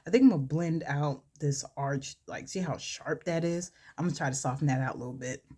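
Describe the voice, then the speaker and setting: Woman beauty vlogger, low-ish voice, chatty storyteller who laughs and gushes as she works. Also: a little fast, darkish tone. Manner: chatty, laughs often, gushing exclamations. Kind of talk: storytelling during a makeup tutorial.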